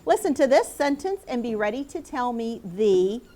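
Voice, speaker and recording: Middle-aged female teacher, higher pitch, clear and encouraging classroom delivery. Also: sing-song, moderate pace, dark tone. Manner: clear, encouraging, calls on students by name. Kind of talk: classroom lesson for students and viewers.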